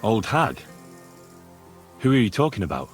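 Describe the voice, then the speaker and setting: A calm, low-voiced young hero. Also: male voice, a little slow. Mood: sympathetic. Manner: calm, questioning, sympathetic. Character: young man, blacksmith's son, curious and polite. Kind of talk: voiced game dialogue. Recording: game music behind. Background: game music.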